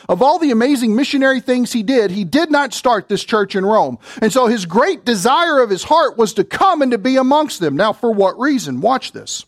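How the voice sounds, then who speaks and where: A man preaching a sermon, reading scripture and asking the congregation questions, swinging between loud and low. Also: no echo, studio quality.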